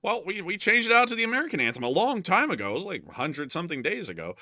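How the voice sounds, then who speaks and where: A man's voice: high voice, fast, dry recording, studio quality. A man hosting a live news stream, reading super chats and answering them in a rambling, joking way. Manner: rambling, jokey, animated. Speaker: host.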